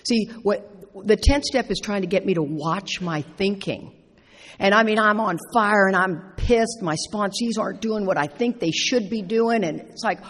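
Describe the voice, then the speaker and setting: A woman's voice: mid-range voice, moderate pace. Middle-aged woman, folksy and emphatic recovery speaker, mid-range voice, long hall reverb. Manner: animated, emphatic, folksy, repeats phrases for stress. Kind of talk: personal recovery talk to an audience. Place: large indoor meeting hall.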